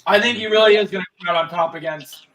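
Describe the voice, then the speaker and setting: A young man hosting a casual livestream, talking in a rambling way full of restarts and repeated words. His voice sits high. He sounds set back from the microphone. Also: quick pace, far from the mic, background noise. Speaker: livestream host.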